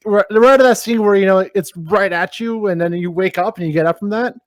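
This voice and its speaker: Male co-host, fast and chatty, slightly high voice, dry recording. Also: no room sound. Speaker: podcast co-host. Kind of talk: casual podcast chat.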